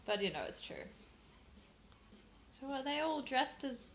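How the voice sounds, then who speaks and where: A woman's voice: high voice, very animated, unhurried, vocal fry, slight background noise. A woman, co-hosting a podcast and commenting in a wry, teasing way. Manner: wry, teasing, laughs often. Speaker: podcast co-host. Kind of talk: casual commentary chat.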